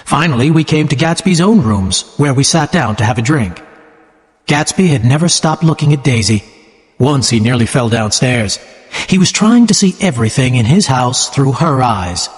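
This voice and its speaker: Learner audiobook: man, mid pitch, measured and clear, hall echo. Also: expressive. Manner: measured and plainly enunciated. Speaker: narrator. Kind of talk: slow, clear audiobook narration for English learners. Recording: long hall reverb.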